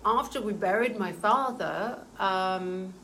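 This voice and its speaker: A woman in her forties telling a personal story in an earnest, emotional way, pausing often with fillers. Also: medium pitch, fairly bright tone, a little hiss or hum, poor audio.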